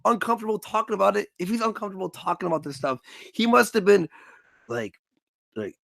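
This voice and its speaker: A man riffs on a stream, cursing and acting out scenes in put-on voices. His voice sits a bit high with a gravelly rasp. The sound is close and dry, with no room echo. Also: fast. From Canada. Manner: animated, profane, acts out scenes in funny voices. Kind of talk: casual stream commentary.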